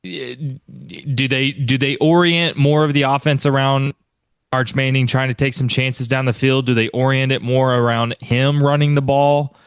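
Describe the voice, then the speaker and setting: A man with a smooth, resonant voice hosts a sports podcast, recorded close and dry with no room sound. He asks long, winding questions that circle back on themselves as he thinks aloud. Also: mid-range voice, flat delivery, moderate pace, no room sound. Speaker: podcast host. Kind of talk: casual podcast chat.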